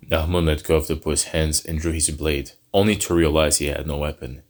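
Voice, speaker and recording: A man narrating a dark fantasy story in a slow, somber, measured way. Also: a bass voice, fairly even intonation, soft background music.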